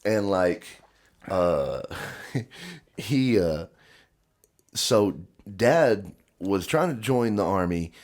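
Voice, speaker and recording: A man's voice: fairly low pitch, very slow, pauses often. A man on a podcast telling stories in casual chat, acting out the voices of the people in them and laughing often. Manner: animated storyteller, acts out quoted voices, laughs often. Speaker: podcast host.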